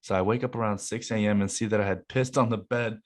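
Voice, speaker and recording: A young man co-hosting casually, telling animated stories and laughing often. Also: fairly low pitch, quick pace. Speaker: co-host reading confessions. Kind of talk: casual chat.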